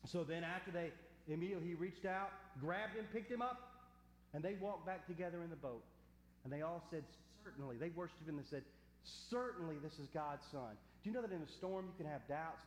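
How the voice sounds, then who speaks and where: Earnest preaching man in an echoey church. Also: a little high. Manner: earnest preaching, slows to stress key words. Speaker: pastor. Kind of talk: sermon and closing prayer. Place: church sanctuary. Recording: echoey hall with faint hum.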